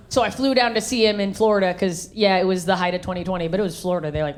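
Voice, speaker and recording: A woman from the American South doing a live stand-up comedy set on a handheld stage mic, brash, swinging her voice high and low for punchlines. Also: racing, few pauses. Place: live comedy venue with audience. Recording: live show with crowd laughter. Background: audience laughter.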